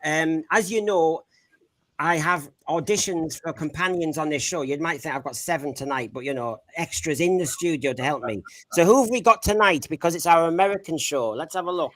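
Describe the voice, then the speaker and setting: A man's voice: on the high side, fairly quick, a bit bright. A man hosting a podcast panel, jokey and teasing, laughing often. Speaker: podcast host. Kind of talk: comic panel show chat.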